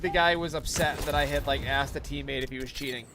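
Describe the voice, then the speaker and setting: A man's voice: fairly high pitch, steady tone, quick pace, noisy background. A man streaming a game, telling a long story in rambling, profane casual commentary. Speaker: gaming streamer. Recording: gameplay with clear gunfire behind. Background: game gunfire.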